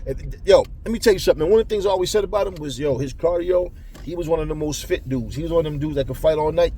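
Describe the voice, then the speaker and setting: A man's voice: on the high side, fast, mellow. A man delivering a heated, profane rant about boxing to his viewers, often stumbling and repeating words. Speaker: boxing commentator. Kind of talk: ranting monologue to viewers.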